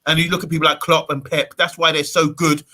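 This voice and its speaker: A man's voice: a little high, level tone, fast talker, pushed and bright. A man hosting a live fan stream, playfully bossy as he reads out viewer comments. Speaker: host of a live fan show. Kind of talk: casual live-stream chat.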